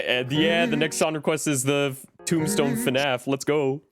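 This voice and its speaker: A man's voice: on the high side, fairly even intonation, unhurried, over music. A man streaming live in casual chat, greeting viewers by name as he talks.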